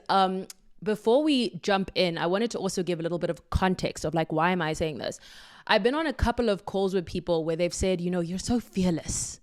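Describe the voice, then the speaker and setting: A woman's voice: lowish voice, smooth. A woman hosting her own podcast, talking solo in an effusive, affirming and playful way. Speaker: podcast host.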